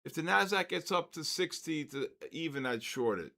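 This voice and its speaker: Speaking at a normal rate, this trading livestream host has a fairly high, expressive, creaky voice that sounds bright and forceful. The man, in his sixties, explains his method conversationally, addresses viewers by name, and leans on "okay" and "so basically." When rude comments come in he is openly exasperated, raising his voice to complain.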